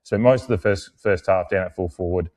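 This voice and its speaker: Podcast co-host: young man, low voice, loose rambling delivery with fillers. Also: brisk. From Australia. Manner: rambling, lots of fillers and restarts; mimics other people in animated, higher-pitched bursts while retelling. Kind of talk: casual podcast chat.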